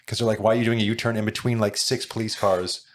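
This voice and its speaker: A man's voice: on the low side, level tone, fast. A man from Canada hosting a podcast, sharing chatty personal anecdotes. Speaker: podcast host. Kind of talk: casual podcast conversation.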